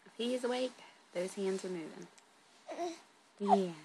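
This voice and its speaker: A woman's voice: medium pitch, unhurried, background noise. A mother cooing in sing-song baby talk to her infant son, recorded on a phone at home. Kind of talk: talking to a baby.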